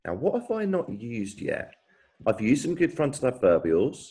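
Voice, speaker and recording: A man's voice: mid-range voice, huge pitch swings, a little slow, dark tone, husky, poor audio. A man, a primary school teacher thinking aloud and explaining as he types a writing lesson for children.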